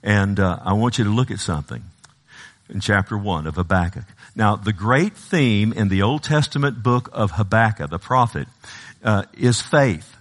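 A man's voice: animated, normal speed, a bit bright. A man preaching a sermon, repeating his words and calling out to the congregation, at times rising to a pleading cry. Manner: preaching, rising to impassioned high-pitched pleading. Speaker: pastor.

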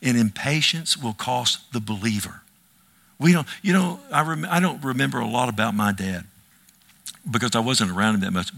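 A middle-aged man, a pastor, preaching a conversational sermon with sudden loud, drawn-out emphasis. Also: mid-range voice, gravelly.

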